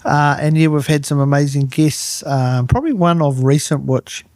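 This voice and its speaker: Kiwi bloke, mid-pitch, dry close mic, lively yarn-spinner who pops up in pitch for quoted lines. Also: male voice, moderate pace, no room sound. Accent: New Zealand. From New Zealand. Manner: animated storyteller, acts out quotes in a higher voice. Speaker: podcast guest, turf manager. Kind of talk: casual chat.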